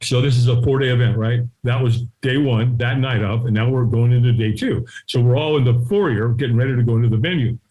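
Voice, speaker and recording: A middle-aged man telling a story as an interview guest, acting out the voices of people in it and sometimes shouting. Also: medium pitch, brisk, few pauses. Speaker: guest, firewalking instructor. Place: his home.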